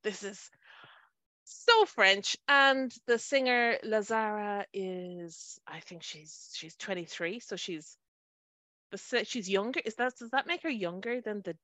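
A woman co-hosting a casual podcast chat, animated and acting out her own thoughts. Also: medium pitch, unhurried, no room sound. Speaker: podcast co-host.

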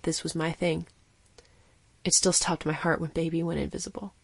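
A woman giving steady, vivid scripted narration of a fiction story. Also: deep voice, moderate pace, vocal fry, breathy edge, dry recording.

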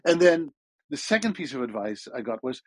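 A man's voice: medium pitch, very animated, a little fast, dry recording. A Dutch man speaking English with a blended Dutch and British accent, telling stories on a panel in a chatty, self-deprecating way with stammered restarts. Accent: Dutch-tinged English with British traces. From Netherlands. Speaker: panel guest, voice actor. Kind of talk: casual panel chat.

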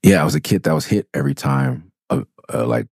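A man's voice: extremely low pitch, animated, quick pace, creaky, darkish tone, slightly rough, no echo, studio quality. A middle-aged man from Los Angeles hosting a podcast, telling blunt, profane stories in a rambling, candid way. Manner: raw, profane, restarts and loops back on himself. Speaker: podcast host, rapper. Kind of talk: candid storytelling monologue.

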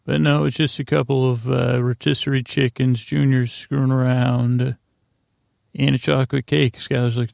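A man's voice: medium pitch, little pitch movement, normal speed, creaky, darkish tone, dry recording, studio quality. A man hosting a podcast, loosely recapping scenes in a rambling way, full of fillers and restarts as he paraphrases what characters say. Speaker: podcast host. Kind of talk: rambling episode recap for sleep.

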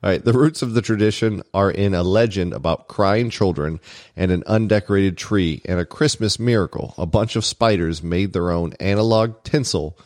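A man with a very low voice reads holiday trivia to his co-hosts, cutting in with deadpan asides. The sound is dry and close to the mic. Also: no echo. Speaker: podcast co-host. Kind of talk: reading trivia aloud with joking asides.

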